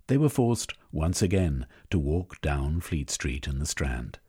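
Reading an audiobook, a man uses a low voice tinged with breathiness, telling the story in a measured yet expressive way.

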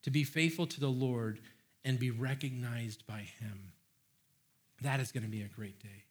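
A man preaching a sermon as pastor, animated and earnest, acting out excited praise and restarting his phrases. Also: medium pitch, moderate pace. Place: church.

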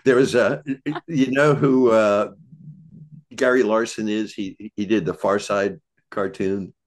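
An older American man, a podcast guest, tells reflective childhood stories in a meandering, thoughtful way, with many pauses and restarts. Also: fairly low pitch, steady tone. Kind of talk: reflective storytelling conversation.

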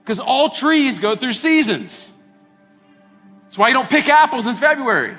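A pastor delivering a lively sermon to his congregation, acting out quoted voices and repeating words as he builds his points. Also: extremely high pitch, measured pace. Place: church sanctuary. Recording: long hall reverb, faint music.

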